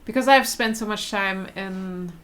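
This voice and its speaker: A woman's voice: mid-range voice, a little slow, a bit bright. A young German woman, German her first language, co-hosting a casual livestream chat and laughing often. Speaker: vlog co-host.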